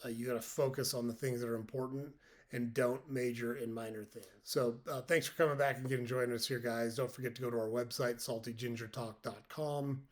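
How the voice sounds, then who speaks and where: A man's voice: medium pitch, steady tone, fairly quick. A man in his fifties hosts a podcast and speaks straight to his listeners in an earnest, direct manner. He drives his points home by repeating them. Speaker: podcast host. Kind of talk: motivational monologue.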